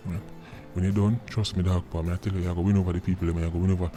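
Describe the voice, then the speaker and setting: A man's voice: low voice, level tone, very fast, mellow, faint music behind. A man with a Jamaican accent giving casual, mocking commentary in patois, often tagging his lines with "right?". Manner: mocking, repeating tag words like "right?".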